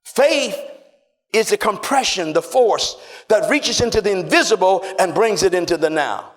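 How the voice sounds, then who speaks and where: A man preaching a sermon, emphatic and repetitive, often shouting and calling on the congregation to respond. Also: sits high, expressive, normal speed.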